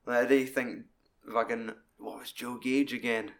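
A man's voice: medium pitch, little pitch movement, unhurried. A man, co-hosting a casual film discussion, rambling and swearing a lot. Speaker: podcast co-host.

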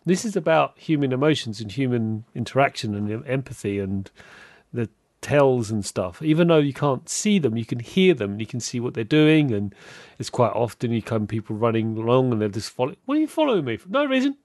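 Animated, laughing male podcast host. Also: medium pitch, brisk, no echo, studio quality. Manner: animated, laughs often, acts out quoted voices. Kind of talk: casual interview chat.

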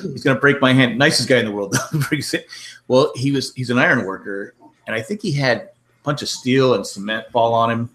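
A man's voice: mid-range voice, brisk, a bit bright. A man co-hosting a podcast, telling anecdotes in casual chat and laughing through his stories. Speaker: podcast co-host.

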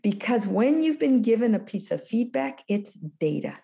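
A woman in her sixties, a guest in an interview, telling a story with lively acted-out dialogue. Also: a little high, moderate pace, creaky. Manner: animated storyteller, acts out dialogue. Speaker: guest, former business school lecturer.

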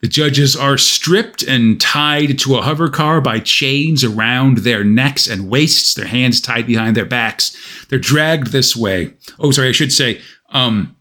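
A man's voice: medium pitch, measured pace, bright, forceful tone. A man co-hosting a casual podcast, recapping a comic story with wry asides. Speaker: podcast co-host.

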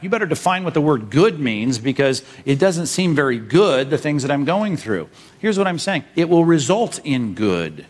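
Middle-aged guy pastor preaching, bit higher voice, punchy, keeps asking the crowd questions. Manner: emphatic, rhetorical questions, lists points for notes. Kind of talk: sermon.

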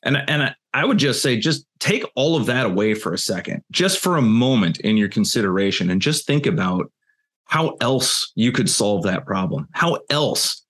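Husky man co-hosting a podcast. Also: on the low side, big pitch swings, moderate pace, a bit bright. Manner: emphatic, repeats words when starting sentences. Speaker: podcast co-host. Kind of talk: casual podcast discussion over video call. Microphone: video call.

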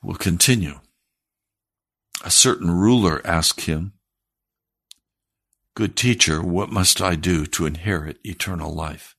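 Husky-voiced man preaching. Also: low voice, slow, long pauses, fairly bright tone. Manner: earnest preaching, rising to fervent emphasis. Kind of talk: sermon.

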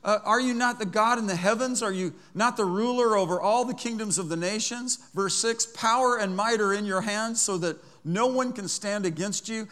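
A man's voice: high voice, normal speed, hardly any pauses, a bit bright. A male pastor preaching a sermon in a church, reading scripture aloud and growing more emphatic as he goes.

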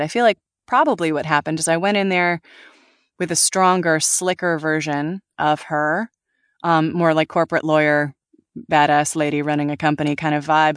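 A woman voice actor talking casually in an interview, animated, laughing often and restarting her sentences. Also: low-pitched, no room sound, studio quality. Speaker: voice actor guest.

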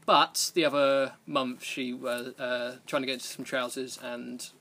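A man's voice: mid-range voice, little pitch movement, a little slow, bright, forceful tone. A man hosting a podcast, telling a rambling, self-deprecating story in casual chat and laughing often. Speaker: podcast host.

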